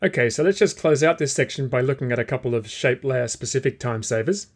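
A man teaching a software tutorial, calmly explaining each step while he clicks through the program. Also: medium pitch, fast talker. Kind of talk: screen-recorded software tutorial.

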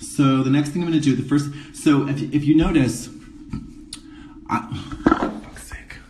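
A man's voice: a little high, unhurried, a little mellow, distant mic, a little hiss or hum. Campy sarcastic man, roomy phone sound. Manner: campy, sarcastic, rambling asides. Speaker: drag performer doing a makeup tutorial. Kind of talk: casual live-stream chat. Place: dressing room before a show. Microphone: phone camera, a bit away.

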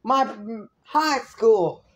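Woman reviewer, slow indignant swearing rant, higher voice. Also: lively intonation, a little hiss or hum, poor audio. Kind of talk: ranting review vlog.

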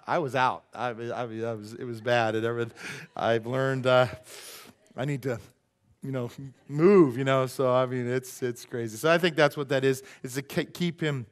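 A middle-aged man preaching a sermon as pastor, conversational and joking, often asking the congregation questions. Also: medium pitch.

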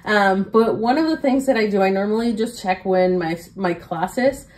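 A young adult woman, a teacher, telling stories as a podcast guest in an excited way, with many fillers and laughs. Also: medium pitch, normal speed, low-quality recording. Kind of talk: casual interview storytelling.

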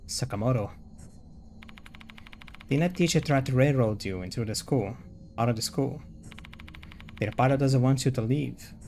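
A man streaming a horror visual novel, reading its narration and dialogue aloud in a plain voice and breaking off for quick reactions. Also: medium pitch, a little mellow, a little hiss or hum. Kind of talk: reading game text aloud with commentary.

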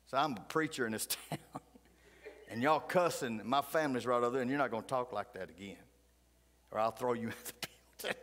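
A middle-aged man, a pastor telling folksy stories in a sermon, flaring loud, then dropping to hushed asides. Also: on the high side, moderate pace, pauses often. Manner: folksy, fiery, swings between loud outbursts and hushed asides. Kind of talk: animated storytelling sermon. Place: church sanctuary. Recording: church hall reverb.

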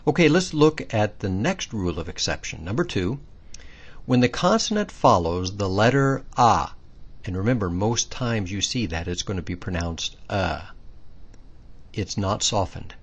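A man with a low, slightly husky voice teaches a pronunciation lesson. He sets out each rule and its exceptions patiently and methodically, stressing the words that matter. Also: very animated, moderate pace. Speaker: language teacher. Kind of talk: explanatory lesson.

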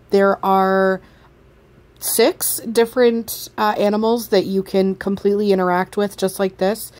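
A woman's voice: mid-range voice, a little mellow. A woman, a mother, narrating a family travel vlog in a chatty, enthusiastic way as she recommends an outing. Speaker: vlogger, mother on a family trip.

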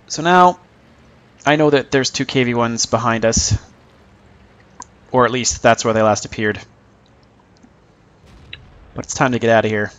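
A man's voice: mid-range voice, unhurried, long pauses, a bit bright. A man giving casual, joking commentary over his own tank gameplay, mocking himself and chuckling often.

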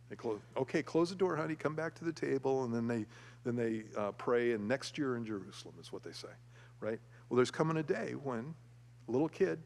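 A pastor preaches in an easygoing, conversational way, stumbling into restarts and fillers as he thinks aloud. He has a middle-of-the-road male pitch. His voice carries a long reverb, like sound filling a church sanctuary. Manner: conversational, with frequent fillers and restarts, animated when telling stories. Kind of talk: sermon, verse-by-verse Bible teaching.

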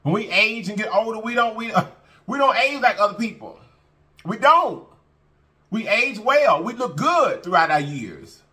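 A lively mukbang vlogger with a bright, high voice talks a little slowly to his viewers in a casual heart-to-heart, feeling full after a meal. He preaches emphatically and repeats himself, drawling his fillers.

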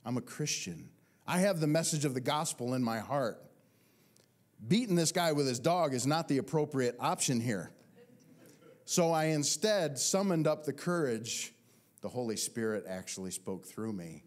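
A man preaching a sermon as pastor, telling a comic personal story with lively swings and self-mocking humor. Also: medium pitch, normal speed.

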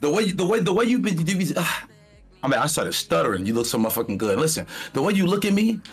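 A man's voice: on the high side, sing-song, fast talker, husky, faint music behind, full character voice. A man playing a brash, crude suitor in a dating-show bit, talking in vulgar, drawling slang. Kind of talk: comedic pickup-line bit.

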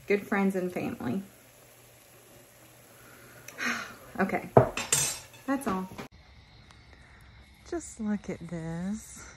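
A woman's voice: on the low side, a little hiss or hum, poor audio. A woman chatting casually in her farm vlog, laughing often and talking straight to her handheld phone. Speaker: farm wife vlogger.

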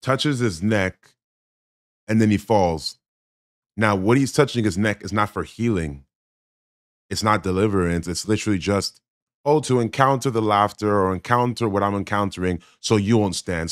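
A man's voice: lowish voice, normal speed, dry recording, clean studio sound. A man giving blunt, critical reaction commentary on a sermon clip, speaking emphatically. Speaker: Christian commentator.

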